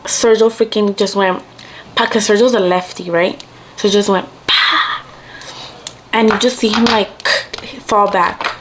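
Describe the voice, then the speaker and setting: Chatty and casual, a young woman from Mexico tells a story during her getting-ready vlog, moving between English and Spanish. She speaks at a medium pitch with fairly even intonation and normal speed, over slight background noise.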